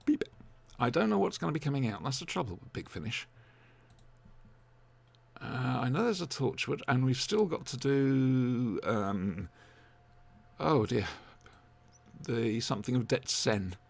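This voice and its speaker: Animated gravelly podcast host. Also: male voice, mid-range voice, a little slow, pauses often. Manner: rambling, animated, many ums. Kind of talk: casual chat review.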